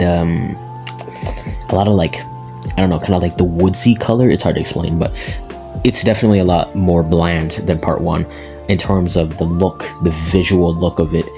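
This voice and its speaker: Young male vlogger, very low voice, loose rambling delivery, soft music under him. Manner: rambling, casual, frequent fillers and restarts. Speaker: movie reviewer. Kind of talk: casual spoken film review.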